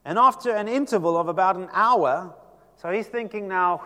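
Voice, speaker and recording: A man, preaching a sermon as pastor and telling the story dramatically, shifting between loud and hushed passages. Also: sits high, normal speed, long reverb tail.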